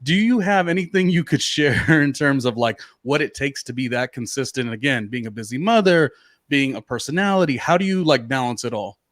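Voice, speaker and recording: A man's voice: mid-range voice, lively intonation, a little fast, fairly bright tone, dry recording. Chatty male podcast host, dry sound. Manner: chatty, enthusiastic questioning with fillers. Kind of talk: casual interview.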